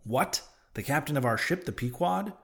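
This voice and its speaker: A man's voice: fairly high pitch, expressive, moderate pace, creaky, fairly bright tone, pitched above the performer's own voice. A man voicing an impatient young male sailor who answers in a blunt, questioning way. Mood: skeptical.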